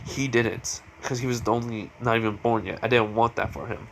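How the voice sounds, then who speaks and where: A man's voice: medium pitch, steady tone, moderate pace, vocal fry, slight background noise. A man casually retelling a fan story, rambling with lots of fillers and restarts.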